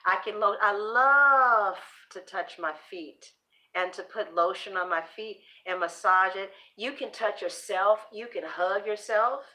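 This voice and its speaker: This is a woman with a medium-pitched voice, unhurried, pushed and bright. A tarot channel host, she runs a casual motivational monologue about self-esteem, preachy and sassy, dropping swear words freely while playing out pep talks to herself.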